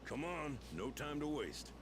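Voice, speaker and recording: An actor playing a grizzled, gruff railway engineer with a Southern US drawl. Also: male voice, on the high side, expressive, measured pace, background noise. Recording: game audio with loud background music.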